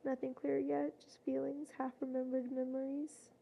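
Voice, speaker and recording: A woman reading a fanfiction story aloud in a plain storytelling way, with louder voices for quoted shouts. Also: high-pitched, monotone, normal speed, vocal fry, muffled recording. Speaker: fanfiction reader.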